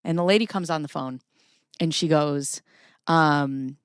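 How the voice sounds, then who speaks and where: Woman, 30s, commentary host; low-ish voice, foul-mouthed storytelling, dry close sound. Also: unhurried, smooth, no echo. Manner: profane, expressive, animated retelling. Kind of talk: casual storytelling rant.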